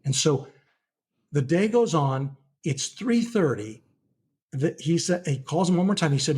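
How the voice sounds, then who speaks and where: A middle-aged man with a husky voice that sits a little high for a man. He speaks as a guest analyst in a casual podcast interview. He tells his points as lively stories and slips into the voices of the people in them. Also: unhurried. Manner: animated storyteller who acts out trading-desk dialogue.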